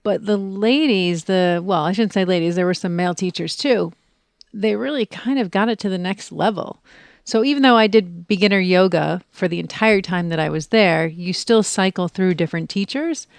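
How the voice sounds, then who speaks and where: Woman, mid-range voice, animated conversational storyteller; dry close-mic sound. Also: medium pitch, gravelly, clean tone, no room sound. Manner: animated storyteller, acts out quotes with soft whispers and excited outbursts. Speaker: podcast guest sharing a retreat experience. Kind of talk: casual chat.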